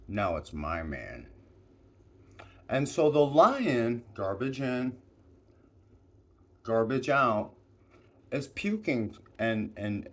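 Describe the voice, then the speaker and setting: A man spinning an improvised story, meandering with restarts and asides. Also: fairly low pitch.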